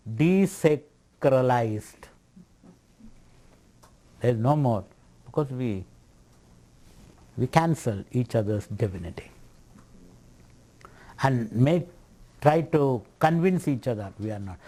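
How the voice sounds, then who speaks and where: A man's voice: on the high side, darkish tone. A man teaching scripture at a retreat. He speaks playfully, laughs often and argues a doubter's objections aloud. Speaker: spiritual teacher.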